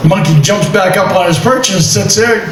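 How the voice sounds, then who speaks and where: Man, open-mic host, animated storyteller, slightly high voice, very echoey bar, far mic, music. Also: moderate pace, a crowd in the background. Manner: animated storyteller, acting out characters. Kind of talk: stand-up joke telling and hosting. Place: small bar stage.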